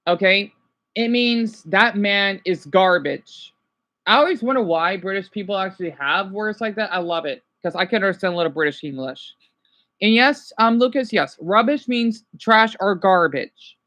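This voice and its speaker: A tired woman from the United States, casually chatting with her viewers and explaining things slowly as she watches a video with them. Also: mid-range voice, expressive, fairly bright tone. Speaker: livestream host.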